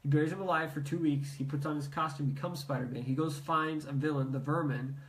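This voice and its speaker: A man's voice: on the high side, fairly even intonation, fast talker, far from the mic, a little hiss or hum, low-quality recording. A man on a podcast earnestly summarizing a comic's plot in long run-on explanations. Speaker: podcast co-host. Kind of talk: casual chat about comics.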